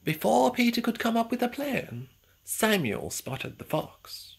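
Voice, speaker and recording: A storybook reader narrates a children's tale aloud in a slow, expressive way, often dropping to a whisper. The voice is bright yet gravelly and breathy, rising and falling widely. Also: mid-range voice.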